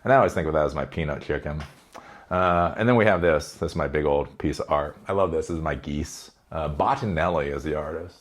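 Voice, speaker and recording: A man's voice: a bass voice, brisk. A middle-aged man hosting a show, talking casually in his office, digressing often, laughing and swearing as he goes. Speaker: host. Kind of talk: casual rambling monologue.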